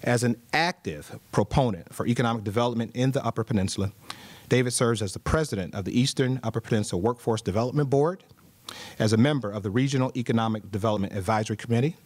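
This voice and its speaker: A man's voice: on the low side, darkish tone, no echo. Guy reading out an award speech, upbeat with little asides, dry close sound. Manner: upbeat, reads prepared remarks with small asides. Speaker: government official presenting an award. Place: conference hall.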